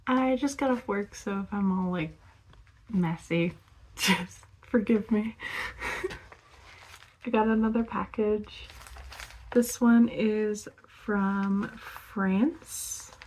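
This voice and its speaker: A young woman in a casual unboxing vlog, giggling often and breaking into excited gasps and soft whispers as she looks over each item. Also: mid-range voice, very slow, pauses often, slight background noise. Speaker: vlogger.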